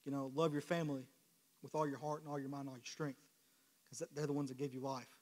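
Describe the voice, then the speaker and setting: A young adult man preaching a sermon, impassioned, moving from quiet confession to loud exhortation with repeated rhetorical questions. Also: medium pitch, little pitch movement, fast. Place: church sanctuary. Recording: long church hall reverb.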